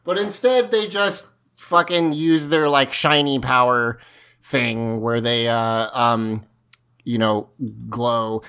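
A man's voice: medium pitch, slow pace, pushed and bright, clear, resonant tone. A man co-hosting a podcast, recapping a TV episode in casual chat, rambling with fillers and frequent laughs. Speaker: podcast co-host.

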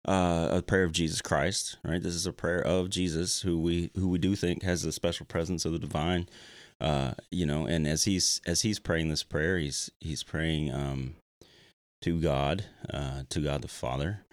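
A man hosting a casual podcast conversation about faith, pausing often and restarting his sentences. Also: low-pitched, steady tone, no room sound, clean studio sound. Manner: halting, many restarts and fillers. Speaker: podcast host.

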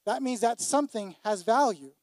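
A man's voice: extremely high pitch, moderate pace, a little mellow, dry recording. A man preaching a sermon to a congregation, emphatic, repeating his key phrases. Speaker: pastor.

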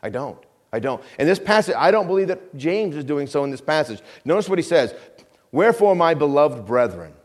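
A middle-aged man preaching a calm, conversational sermon in a church, often dropping to a quiet low voice and asking the congregation questions. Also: a little fast, few pauses. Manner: asks the congregation questions and repeats phrases. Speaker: pastor. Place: church sanctuary.

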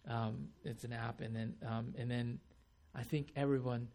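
A man preaching a sermon, animated and dramatic, acting out people's reactions with sudden louder bursts. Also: medium pitch, moderate pace. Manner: animated, acts out voices with sudden loud outbursts. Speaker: pastor.

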